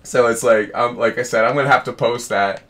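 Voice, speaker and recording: A man's voice: medium pitch, fairly even intonation, brisk, a bit bright. Rambling young man streaming a game. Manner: rambling, laughs often, many fillers like "like". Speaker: gaming streamer. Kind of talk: casual chat while streaming a game.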